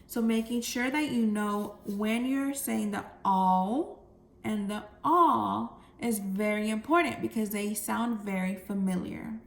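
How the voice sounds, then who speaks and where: A woman second grade teacher giving a recorded phonics lesson, explaining step by step in a clear way to young children. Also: medium pitch, takes it slowly. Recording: echoey room, faint background noise.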